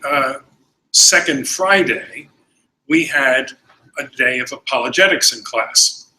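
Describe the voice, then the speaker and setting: A man, a priest, giving a conference lecture, often clearing his throat and telling anecdotes. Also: medium pitch, pushed and bright, low-quality recording.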